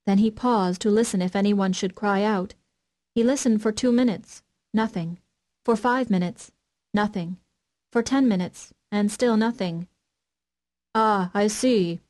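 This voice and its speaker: A woman's voice: medium pitch, measured pace, darkish tone. Woman narrating a classic children's book. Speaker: audiobook narrator. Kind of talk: scripted storybook narration.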